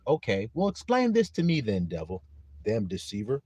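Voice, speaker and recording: A man preaching informally on a live stream, animated and profane, breaking into shouts and acting out voices. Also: on the low side, normal speed, breathy edge, no room sound. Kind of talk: informal street-style preaching.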